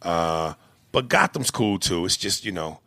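A man with a low, gravelly voice and a bright, cutting edge, chatting crudely on a comedy podcast. He reads listener mail and jokes around, recorded close and dry. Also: animated, measured pace, dry recording. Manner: crude, joking, slips into voices. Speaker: podcast co-host. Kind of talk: reading a listener email, casual chat.

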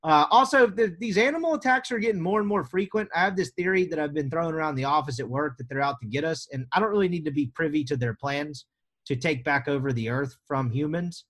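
A man's voice: fairly high pitch, quick pace, fairly bright tone. A young adult American man hosting a sports podcast in a casual, joking, rambling way. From United States. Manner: joking, rambling, sarcastic asides. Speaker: podcast host.

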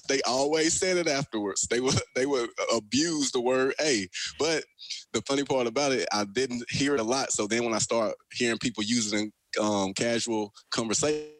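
A man's voice: medium pitch, no echo. A young man with a Southern American accent, a pro football player telling stories as a guest in a casual radio interview. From Alabama, USA. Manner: animated storyteller, folksy.

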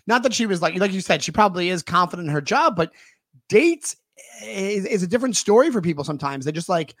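A man's voice: high-pitched, animated, quick pace, a bit bright, dry recording, studio quality. A man in casual conversation, chatty and full of advice, acting out little quoted lines as he talks. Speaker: podcast co-host. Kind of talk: casual chat.

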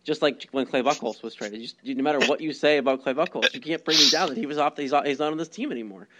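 A young man co-hosts a laid-back baseball podcast, speaking at an ordinary mid pitch. He stalls often with ums and breaks into easy laughter. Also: fast, very noisy. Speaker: podcast co-host. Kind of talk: casual sports chat.

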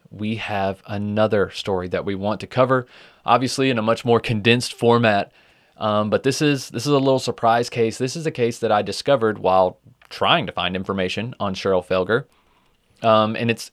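A man's voice: mid-range voice, no room sound, studio quality. A man hosting a true crime podcast, chatting casually with many fillers and the odd swear word. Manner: conversational, with frequent fillers and swearing. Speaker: podcast host.

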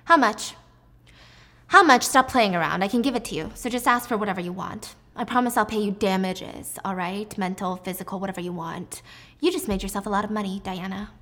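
A woman reading the lines of a haughty, wealthy mother near forty in a sharp, scornful way. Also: mid-range voice, fairly quick, hardly any pauses.

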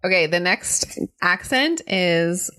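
A woman co-hosting a podcast in casual chat, an animated and giggly storyteller. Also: on the low side, takes it slowly. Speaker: podcast co-host.

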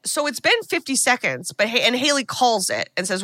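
Bright-voiced chatty woman podcast host. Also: medium pitch, no echo. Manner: animated, chatty, full of "like" and quick asides. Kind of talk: casual chat recapping a film.

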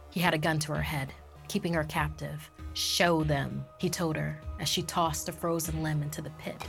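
A woman narrating a scripted horror story in a hushed, often whispered delivery, with music underneath. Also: low voice, gravelly.

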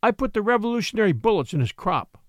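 A man's voice: sits high, expressive, normal speed, no echo, studio quality, voice pushed up. A man doing a remorseful little girl. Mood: earnest.

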